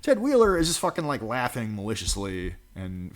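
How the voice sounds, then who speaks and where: A man's voice: fairly low pitch, huge pitch swings, normal speed. A man giving a crude, mocking reaction commentary, ranting with profanity and scoffing laughs. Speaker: political commentary vlogger.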